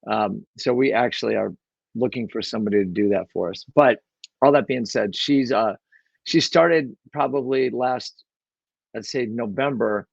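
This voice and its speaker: Guy telling his story in a casual interview, gravelly voice, lots of ums and restarts, dry dull sound. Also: medium pitch, normal speed, no echo. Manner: rambling, with many fillers and restarts. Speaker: guest, real estate investor. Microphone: own microphone.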